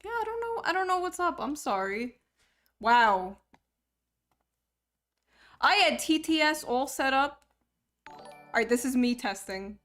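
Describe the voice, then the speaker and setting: A woman's voice: sits high, sing-song, a little slow, long pauses, a bit bright, faint music behind. A young woman hosting a livestream in casual chat, joking crudely and swearing freely. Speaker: livestream host.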